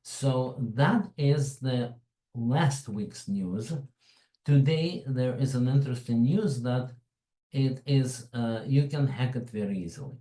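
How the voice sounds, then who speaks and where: A man's voice: medium pitch, slow pace, dark tone, reverberant, low-quality recording. A man with a foreign accent presenting a tech webinar in a chatty, digressive way, with frequent asides. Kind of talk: informal tech webinar talk.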